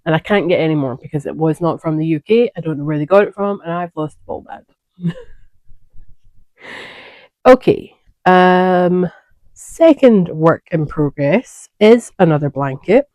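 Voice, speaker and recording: Slow, chatty woman. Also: on the low side, darkish tone, dry recording. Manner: chatty, digressive, self-correcting. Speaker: knitting podcast host. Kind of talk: casual chat showing knitting projects.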